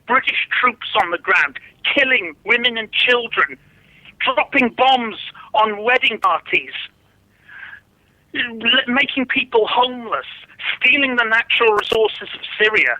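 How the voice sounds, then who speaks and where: A man's voice: very high voice, lively intonation, unhurried, pushed and bright, no echo, low-quality recording. A man calling into a show, ranting indignantly and stammering over his words. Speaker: caller. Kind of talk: ranting phone-in call.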